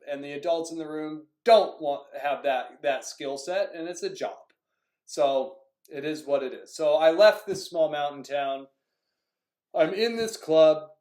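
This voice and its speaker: A man talks through his years coaching youth soccer in an animated, storytelling way, acting out old conversations. His voice sits a little high, and the room gives it a noticeable echo. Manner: frequent "like" fillers. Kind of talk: casual monologue. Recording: echoey room.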